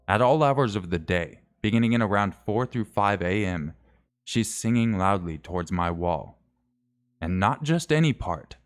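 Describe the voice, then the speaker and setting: A man streaming, reading a scary story aloud in a casual way, correcting his slips and adding wry asides. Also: deep voice.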